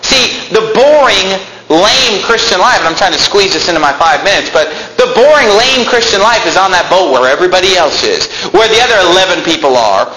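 High, bright-voiced preaching man. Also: fast talker, few pauses, echoey room, poor audio. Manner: animated, acting out quotes, bursts into shouting. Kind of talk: sermon.

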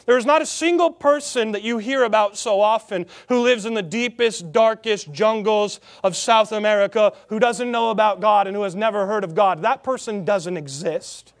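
High-voiced man preaching emphatically. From Salt Lake Valley, Utah. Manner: emphatic preaching with slow, drawn-out repeated phrases. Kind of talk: sermon.

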